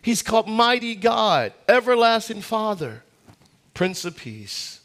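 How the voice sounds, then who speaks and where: A high-voiced man delivers a sermon as a guest pastor. He tells stories with acted-out voices and leans into slow, weighty phrasing on key points. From United States. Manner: animated storytelling, acts out voices in anecdotes; preaching with dramatic slowdowns on key phrases.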